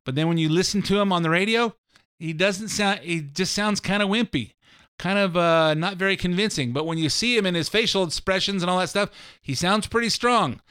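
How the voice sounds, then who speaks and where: A man's voice: high voice, fairly quick, pushed and bright, clean tone. A middle-aged man hosting a show, talking through an opinionated monologue in a blunt, ranting way that often repeats itself. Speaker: show host.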